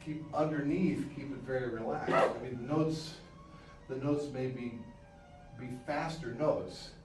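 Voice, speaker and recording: A man's voice: medium pitch, measured pace, over loud music. A man coaching a band in rehearsal, singing rhythms in scat syllables as he explains, patiently repeating and restarting his phrases. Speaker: band instructor. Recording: echoey room from far off, noisy.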